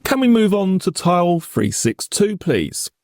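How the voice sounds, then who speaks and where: A man cross-examining a witness in a formal, probing manner, pressing with pointed questions. His pitch rises and falls a lot as he presses, and the sound is close and dry with no room around it. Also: very animated, unhurried, a little mellow, no echo. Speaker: prosecuting barrister in reenactment. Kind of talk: courtroom cross-examination reenactment.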